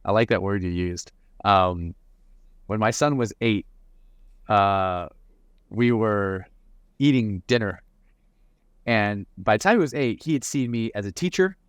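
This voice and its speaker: Low-voiced reflective man, dry sound. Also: expressive, a little slow, pauses often, clear, resonant tone, dry recording. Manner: reflective, repeats words when starting a thought. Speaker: mental performance coach, guest. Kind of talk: conversational interview answers.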